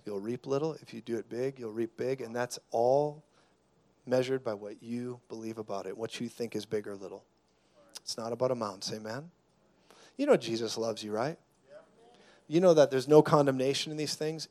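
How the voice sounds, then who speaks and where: A man preaching a sermon as a guest preacher, declaring loudly at times and then dropping to a hushed, intense tone, with jokes along the way. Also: medium pitch. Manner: jokey, laughs mid-sentence.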